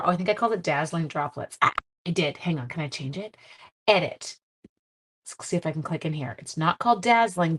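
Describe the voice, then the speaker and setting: A woman with a fairly low-pitched voice hosts a casual craft demonstration live stream. She talks with her viewers and reads their comments, keeping a friendly, self-deprecating tone.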